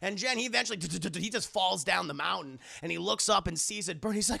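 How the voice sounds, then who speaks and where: A man talks over a live stream, recapping a film in an excited, rambling way with plenty of swearing. His voice sits high and bright. A heavy gravelly fry runs through it. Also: brisk, few pauses. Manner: excitable, profane, keeps addressing chat.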